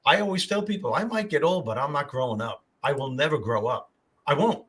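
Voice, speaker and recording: An older man with a New York accent, hosting a podcast and telling stories in a husky voice. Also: medium pitch, fairly quick. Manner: storytelling, animated. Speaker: podcast host. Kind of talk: casual chat.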